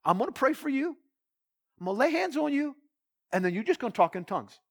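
A man's voice: extremely high pitch, very animated, quick pace, gravelly, pitched above the performer's own voice, heavily acted. A pastor quoting a matter-of-fact coworker man. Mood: instructing. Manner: plain, instructing.

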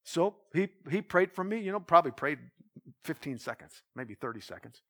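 A man with a voice on the high side, speaking at normal speed, is a pastor telling a personal story in a sermon. He retells it animatedly, acting out quoted dialogue with lots of restarts.

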